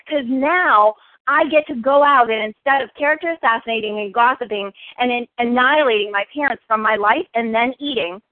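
A woman's voice: high-pitched, dry recording. A woman sharing personally at a recovery meeting, earnest and full of rhetorical questions. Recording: phone-like dry line.

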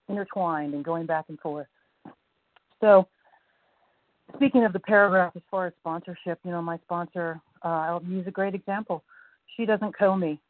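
Woman sharing at a recovery meeting, a bit low voice, tinny dry phone line. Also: no room sound. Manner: earnest, reflective, building to fervent.

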